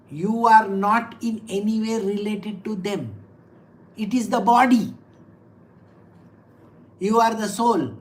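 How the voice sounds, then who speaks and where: In poor audio, a woman spiritual teacher with a mid-range voice gives a scripture discourse. She talks directly, regularly poses questions to the audience, and reads the verse slowly and emphatically.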